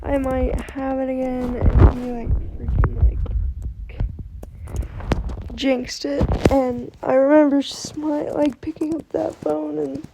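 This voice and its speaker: A young woman talking through tears in a personal vlog, halting and emotional, her voice breaking. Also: level tone, gravelly, background noise. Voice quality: high soft voice, halting and tearful. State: crying.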